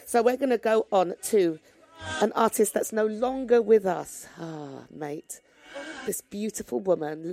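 A woman's voice: medium pitch, moderate pace, creaky, warm tone. A woman hosting a radio show, chatting casually and with feeling between songs, speaking straight to her listeners. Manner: heartfelt, emotional, talks to listeners directly. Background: music playing.

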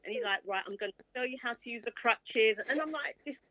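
An author in her sixties, a guest in a casual interview, tells her story and acts out quoted voices as she goes. She talks fast in a fairly high, bright, forceful voice, heard over a tinny, phone-like line that is dry with no room sound.

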